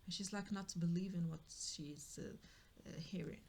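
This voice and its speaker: A woman's voice: fairly low pitch, fairly even intonation, normal speed, gravelly, a little mellow, breathy edge. A woman channeling reader telling a story in a casual, rambling way, full of "like" fillers and restarts.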